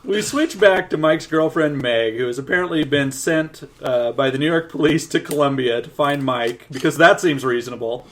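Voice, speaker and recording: A man's voice: a little high, moderate pace, few pauses. A young man co-hosting a podcast, giving a wry, joking recap of a movie plot in casual chat. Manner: wry deadpan plot summary with laughing asides.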